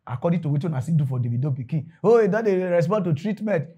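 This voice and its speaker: A man with a Nigerian Pidgin accent giving animated, preachy commentary. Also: fairly high pitch, very fast, slightly rough. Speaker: commentary host. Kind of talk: casual commentary.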